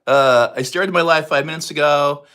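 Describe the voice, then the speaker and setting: A man in his sixties with a New York accent, chatting casually and fast on a livestream. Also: fairly high pitch, bright, forceful tone, smooth. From New York area, USA. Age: 60s. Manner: fast, chatty, reads out viewer comments. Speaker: livestream host.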